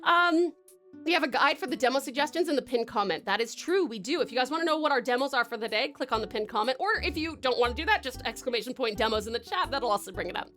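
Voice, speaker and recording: A woman's voice: high-pitched, animated, fast talker, fairly bright tone, faint music behind. A young woman streamer chatting casually as she reads viewer comments, laughing often and talking with lots of fillers. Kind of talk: casual live-stream chat, reading comments.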